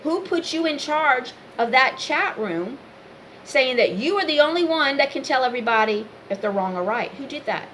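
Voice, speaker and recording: A woman's voice: high-pitched, expressive, normal speed, a bit bright, slight background noise, rough recording. A woman vlogger giving a blunt, preachy monologue, firing off rhetorical questions. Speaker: vlogger, spiritual advisor. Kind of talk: unscripted opinion monologue.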